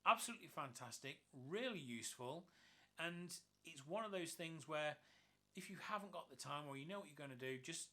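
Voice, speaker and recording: A man's voice: fairly high pitch, lively intonation, brisk, bright, forceful tone. A man giving an enthusiastic, upbeat walkthrough review of a gadget. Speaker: tech reviewer.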